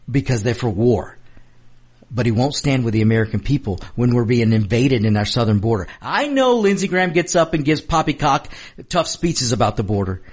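A man's voice: mid-range voice, breathy edge. A man hosting a political commentary show, talking fervently and repetitively while addressing his audience directly.

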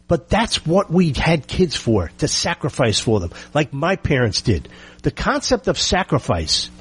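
A middle-aged man holds forth in an indignant monologue, hammering his points with rhetorical questions and repetition. His voice is husky and sits a little high for a man. His pitch swings widely as he presses each point. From United States. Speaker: political commentator. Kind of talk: opinionated monologue.

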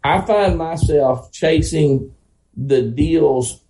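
A Southern American man with a fairly high but mellow voice, chatting as a guest on a car podcast. He speaks in a laid-back drawl. His tone stays warm and unhurried. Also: rough recording. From Mississippi. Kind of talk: casual interview chat.

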